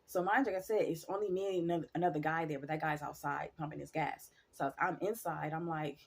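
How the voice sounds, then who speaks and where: A woman with a lowish, husky voice tells a spooky story from her own life to her viewers. She talks in an animated, casual way, swearing freely and speaking straight to her audience. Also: quick pace, few pauses. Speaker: storyteller vlogger.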